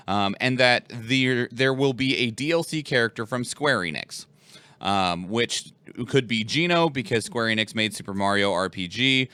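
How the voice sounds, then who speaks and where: A man's voice: mid-range voice, bright, forceful tone, clear, resonant tone, dry recording. A man co-hosting a podcast in casual chat, rambling with lots of fillers and laughs. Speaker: podcast co-host.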